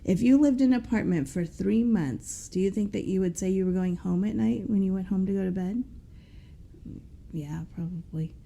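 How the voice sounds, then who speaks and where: A woman's voice: medium pitch, moderate pace, vocal fry, warm tone. A woman voicing a stern, blunt woman prison inmate in a scolding, tough manner.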